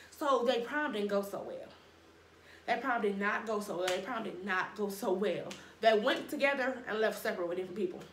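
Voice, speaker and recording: A young woman telling a casual storytime with lots of slang, animated and acting out what people said. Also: on the high side. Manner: animated, slangy, acts out quotes. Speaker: storytime vlogger. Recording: roomy echo, faint background noise.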